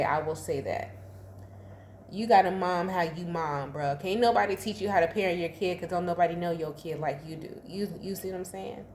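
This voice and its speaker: Casual female tarot reader, thirties, slightly low voice, slangy asides, faint room ambience. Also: darkish tone, reverberant, a little hiss or hum. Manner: chatty, laughs often, slangy asides.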